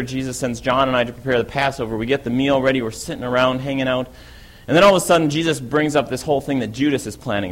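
A man narrates as the apostle Peter, impulsive and eager, in a lively first-person dramatic monologue that gathers speed and volume when he grows excited. He speaks with a medium-pitched, natural voice.

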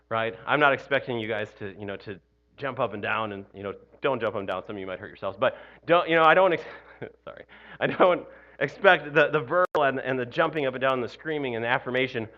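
A man with a mid-range voice comes through with lo-fi sound quality. As a pastor giving an Easter morning sermon, he keeps it loose and conversational, frequently saying "you know" and "right?" and chuckling at himself.

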